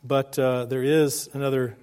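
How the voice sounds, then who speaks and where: A man's voice: medium pitch, little pitch movement, a little slow, darkish tone, clear, resonant tone. A man preaching a sermon to his congregation in a conversational way, often asking them questions. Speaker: pastor.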